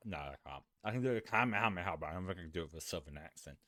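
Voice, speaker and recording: A man's voice: deep voice, very fast, few pauses, no echo. Guy streaming, rambly, swears a lot, voice jumps around, super dry sound. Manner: rambling, swears, gets animated when ranting. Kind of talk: casual live-stream chat.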